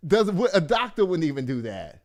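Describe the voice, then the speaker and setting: A man from Texas, hosting a casual commentary show in an animated, profane and mocking way. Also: high-pitched, normal speed. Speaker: host.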